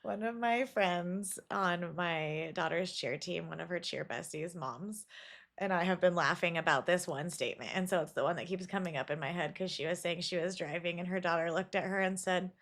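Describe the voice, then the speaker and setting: A woman co-hosting a casual podcast who tells lively stories and acts out what others said. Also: fairly low pitch, moderate pace. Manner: animated storyteller, acts out quotes. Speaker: podcast co-host. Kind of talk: casual chat.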